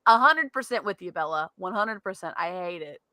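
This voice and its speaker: A woman's voice: on the low side, expressive, brisk, pushed and bright, no echo. A woman with a Southern US accent, co-hosting a podcast in casual chat, chatty and laughing often. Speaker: podcast co-host. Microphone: studio mic.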